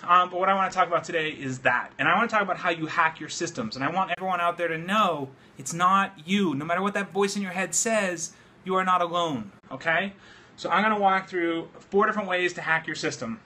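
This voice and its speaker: A man hosting a casual livestream chat from his home studio, excitable and loose, swearing freely while drinking beer. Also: sits high, a little fast. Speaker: livestream host. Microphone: phone livestream app.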